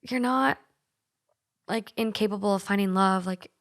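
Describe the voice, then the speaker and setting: A woman's voice: medium pitch, a little slow. Woman, young adult, podcast host, light Minnesotan accent, casual, frank, swears a lot. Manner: frank, swears freely, chatty. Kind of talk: casual podcast chat and story reading.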